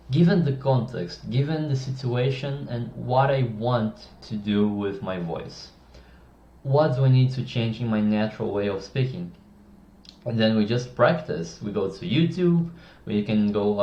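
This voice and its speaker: Outspoken male creator, mid pitch, casual advice to camera, echoey dull-sounding room. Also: darkish tone. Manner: blunt, opinionated, with many restarts.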